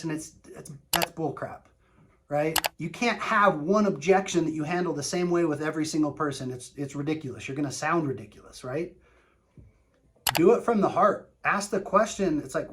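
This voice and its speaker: A man's voice: fairly high pitch, normal speed, background noise. A man coaching on sales calls, speaking emphatically and often checking in with "right?". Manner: emphatic, keeps asking "right?". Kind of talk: coaching talk with role-play demos.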